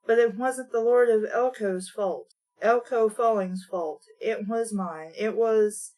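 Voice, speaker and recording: A woman reading aloud, voicing a heroine who speaks quietly of finding her strength again. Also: a little high, slow pace. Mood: reflective. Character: proud female heroine recovering her strength.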